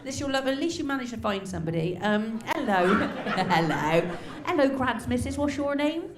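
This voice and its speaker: A woman in her forties works as MC at a live stand-up night, doing brash, profane crowd work with sudden loud high yelps into a stage mic. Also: big pitch swings, normal speed, echoey room, noisy background. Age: 40s. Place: comedy club stage.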